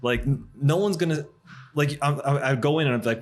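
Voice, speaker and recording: Man, thirties, podcast guest, casual storytelling, laughs often, middle-pitched voice. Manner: animated, laughing, fast anecdotes. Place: coffee shop.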